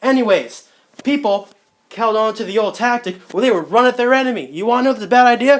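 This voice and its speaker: Young guy, high voice, slangy jokey class history rundown, lots of restarts. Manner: slangy and jokey, voices countries in quick asides; rambling with restarts and self-corrections. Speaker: student presenter. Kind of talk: casual history summary.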